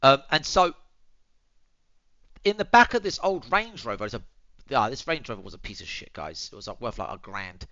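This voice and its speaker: A man's voice: medium pitch, big pitch swings, moderate pace, pushed and bright, no room sound, muffled recording. A young man, telling a story to his viewers in casual chat, swearing freely and calling them boys and bro, muttering asides while he tends his dog. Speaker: streamer.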